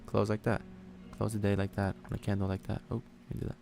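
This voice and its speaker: A man's voice: on the low side, level tone, fast talker, creaky, mellow, faint music behind. A man hosting a live trading stream, chatting casually, rambling, joking and thinking aloud as he goes. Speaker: livestream trading host.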